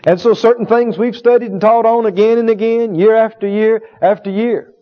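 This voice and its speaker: A man's voice: high-pitched, fairly even intonation, moderate pace. A man preaching a sermon on faith and healing, repeating key phrases with emphasis and asking the congregation for agreement. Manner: emphatic, repetitive, call-and-response with the congregation. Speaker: healing school teacher and preacher. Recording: dull lo-fi sound.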